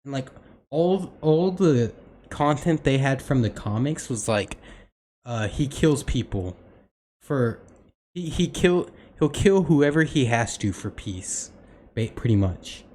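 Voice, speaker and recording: A man's voice: medium pitch, expressive, slow, a little mellow, slight background noise. A young man co-hosting a podcast in casual chat, rambling with many fillers and restarts. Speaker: podcast co-host.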